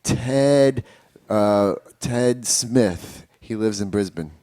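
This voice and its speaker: A man co-hosting a comedy podcast in casual chat. He tosses out quick, deadpan quips in a mid-pitched, ordinary voice. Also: clear, resonant tone. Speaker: podcast co-host.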